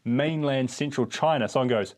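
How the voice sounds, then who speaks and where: A man's voice: medium pitch, normal speed, a little mellow, a little hiss or hum. An American man co-hosting a podcast, telling stories in a dry, joking way with some swearing. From United States. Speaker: podcast co-host. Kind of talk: casual chat.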